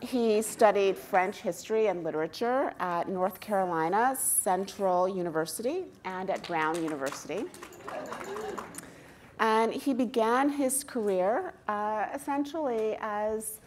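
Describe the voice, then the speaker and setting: A woman interviewer on stage introducing her guest and asking questions in a measured way, with small hesitations. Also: mid-range voice, a little mellow, a little hiss or hum. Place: stage before a live audience.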